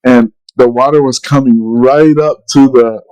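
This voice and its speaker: A man's voice: mid-range voice, steady tone, measured pace, a little mellow, clear, resonant tone, rough recording. A middle-aged man casually telling a long story on a podcast, rambling with many restarts and quoted dialogue. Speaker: podcast co-host.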